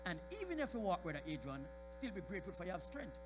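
A man in a church preaching a sermon. His voice rises from quiet talk to shouted high points, and he calls out members of the congregation by name. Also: sing-song, fast, loud music behind the voice. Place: church sanctuary.

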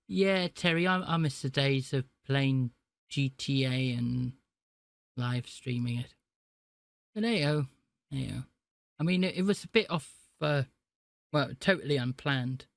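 A man's voice: medium pitch, gravelly, dry recording. A man hosting a live stream where he calls phone scammers, teasing them with sarcastic, mock-gullible banter. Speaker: livestream host calling phone scammers.

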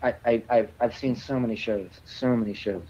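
A man's voice: mid-range voice, fairly even intonation, moderate pace, dark tone, dull audio, slight background noise. A male musician guest telling a rambling story in a podcast interview, with plenty of restarts and fillers.

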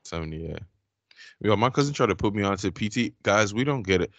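Low-voiced laid-back podcast host. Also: male voice, lively intonation, quick pace, fairly bright tone, dry recording. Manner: laid-back and joking, with slang like "man", "bro" and "yous". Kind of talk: casual chat.

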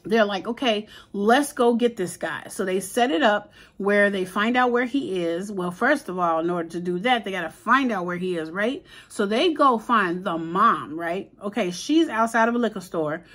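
A woman recapping a crime drama episode in a chatty, animated way, slipping into the characters' quotes with casual slang. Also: medium pitch, moderate pace, hardly any pauses. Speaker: TV episode reviewer.

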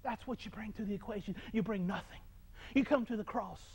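A man delivering a sermon to his congregation in a very high voice. He preaches with fervor, repeating phrases and stumbling into quick restarts as he presses each point home. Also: slightly rough.

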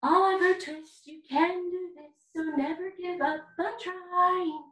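A woman's voice: very high voice, steady tone, measured pace, a bit bright. A woman teaching an online kindergarten music lesson, encouraging and singsong as she chants rhythms.

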